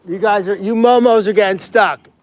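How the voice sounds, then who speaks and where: A man's voice: high-pitched, normal speed. A man caring for animals at a sanctuary, chatting to a live stream while he works alone outdoors, calling and coaxing the pigs in a sing-song way. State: working alone, moving around outdoors. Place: outdoor pig pens.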